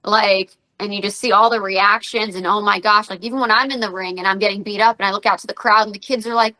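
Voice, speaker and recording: Woman, 30s, podcast guest; bright, animated storyteller who acts out quotes. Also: medium pitch, quick pace, hardly any pauses, low-quality recording. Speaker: guest, professional wrestler and radio personality. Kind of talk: casual podcast interview.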